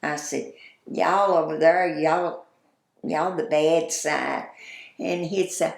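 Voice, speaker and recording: A woman's voice: low voice, fairly even intonation, takes it slowly, vocal fry, reverberant. An older woman with a Southern US accent, telling folksy stories in an oral history interview and laughing as she goes. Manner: folksy, chatty, laughs while telling anecdotes. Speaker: interviewee, former store owner.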